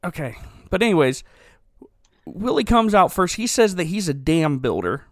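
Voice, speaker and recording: A man's voice: sits high, big pitch swings, moderate pace, no room sound, studio quality. Rambling sarcastic man recapping a film. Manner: rambling, sarcastic, self-correcting. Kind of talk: comedic movie recap.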